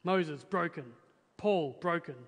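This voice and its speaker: A man's voice: on the high side, takes it slowly. A young man, preaching a sermon as pastor, earnest and emphatic, often checking in with "right?". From Australia. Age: young adult. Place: church hall, in front of a congregation. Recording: reverberant church hall.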